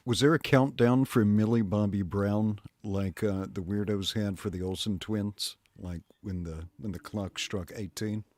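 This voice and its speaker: A man's voice: lowish voice, steady tone, unhurried, few pauses, darkish tone, no echo. A man co-hosting a casual podcast, making dry, wry remarks and reading out comments from the chat. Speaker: podcast co-host.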